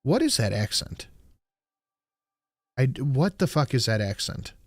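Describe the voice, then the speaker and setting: A man's voice: mid-range voice, sing-song, measured pace, background noise. A man hosting a live stream, reacting to clips in a casual, sarcastic way and swearing freely.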